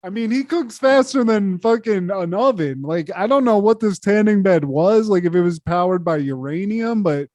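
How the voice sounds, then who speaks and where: A man co-hosting a podcast, retelling a sitcom episode in a profane, animated, casual way. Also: normal speed, hardly any pauses, no room sound. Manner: profane, animated retelling, trails off low when addressing his co-host. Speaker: podcast co-host.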